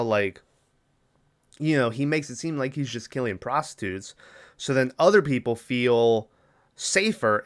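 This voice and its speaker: Smooth-voiced man recapping a movie. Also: medium pitch, a bit bright. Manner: rambling, filler-heavy retelling with quoted lines. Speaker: podcast host. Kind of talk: casual solo movie recap.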